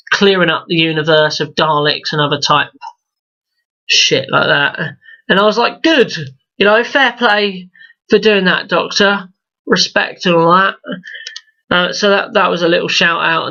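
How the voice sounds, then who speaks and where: A man's voice: fairly high pitch, vocal fry, sharp tone. A man giving an opinionated, casual review rant, rambling with frequent restarts and swearing, in a dull lo-fi recording. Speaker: video reviewer.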